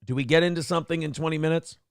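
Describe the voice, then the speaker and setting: A man's voice: a little high, fairly even intonation, racing, vocal fry, no room sound, studio quality. A man hosting a casual show, joking crudely, laughing often and reading viewer chat messages aloud. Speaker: morning show host.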